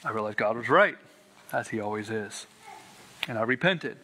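A man's voice: mid-range voice, brisk, a bit bright, a little hiss or hum. A man earnestly telling his personal faith testimony, stressing words and repeating them for weight. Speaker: Christian sharing a testimony.

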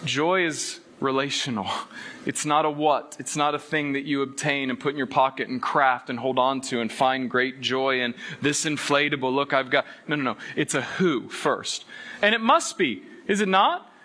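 A middle-aged man preaching a sermon, animated and playful, acting out quotes and jokes between readings. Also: medium pitch, moderate pace. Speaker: pastor.

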